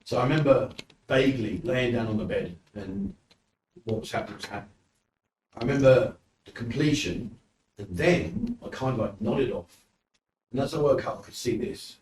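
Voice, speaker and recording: Guesting on a podcast, a British man from the UK tells casual stories and acts out quotes in an animated way. His voice is medium in pitch and his pace moderate. The recording is roomy and off-mic, with faint noise.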